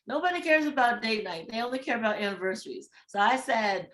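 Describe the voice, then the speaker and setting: A woman as a podcast guest, telling a story in casual chat, animated and laughing between quick asides. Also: a little high.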